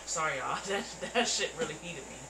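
A woman reacting to a TV episode, loud, profane and heated as she comments. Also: lowish voice, very animated, normal speed, gravelly, echoey room, a little hiss or hum, rough recording. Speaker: reaction video host.

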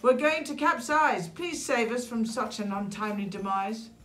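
A woman's voice: medium pitch, fairly even intonation, moderate pace, natural voice. A woman voicing a family of tiny ants crying out shrilly in a storybook. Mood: panicked.

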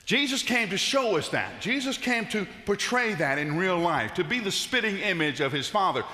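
Casting: middle-aged male pastor, bright and forceful tone, folksy sermon storyteller, reverberant church hall. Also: sits high, expressive, normal speed. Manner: folksy storytelling with frequent "uh" fillers. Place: church sanctuary.

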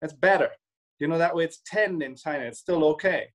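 Male co-host, slightly raised pitch, halting, restarts often, voices imagined remarks. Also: low-quality recording. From Germany. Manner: hesitant with many restarts, acts out imagined quotes. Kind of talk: casual discussion.

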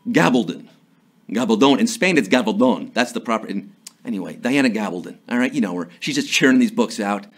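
A man's voice: lowish voice, expressive, a little fast. A man hosting a live trivia game show, with jokey, hyped-up patter.

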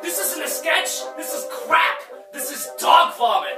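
A man's voice: very high voice, lively intonation, unhurried, over music. A man playing an indignant actor ranting as he walks out of a sketch. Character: fed-up hammy actor quitting a sketch. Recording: roomy echo, distant mic.

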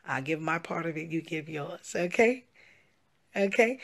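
This pastor and gospel singer has a low voice with lively intonation and an unhurried pace. Speaking straight to camera for a social media video, she pleads and presses her points, circling back to them again and again while calling viewers "honey" and "y'all."

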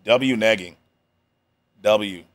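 A man's voice: on the low side, very slow, a bit bright. A man casually reacting to a video on a live stream, talking in a laid-back, slangy way with joking asides.

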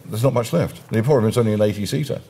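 Low, mellow-voiced male TV presenter. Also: very fast, gravelly, husky. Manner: chatty, interjecting asides. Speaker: TV newspaper review presenter. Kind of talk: studio discussion.

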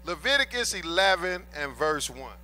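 A man's voice: fairly high pitch, big pitch swings, moderate pace, pushed and bright, a little hiss or hum. A man preaching a sermon in an emphatic, colloquial way, repeating his key points and addressing the congregation as brothers and sisters. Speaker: pastor.

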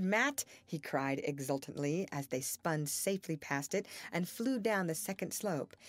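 A woman reading a classic novel aloud as an audiobook narrator, in a measured and expressive way. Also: lowish voice. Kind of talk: scripted narration.

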